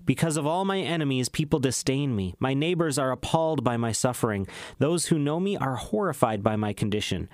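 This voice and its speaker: Guy doing a slow solemn bible reading, dry close sound, mid voice. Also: medium pitch, animated, dry recording. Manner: measured, solemn delivery with slow emphatic phrases. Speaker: scripture reader.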